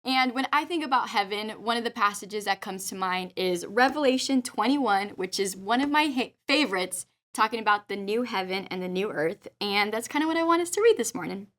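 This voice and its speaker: A woman's voice: medium pitch, lively intonation, brisk, few pauses, a bit bright. A young woman, a church youth leader, giving a short daily devotional with enthusiastic, heartfelt scripture reading.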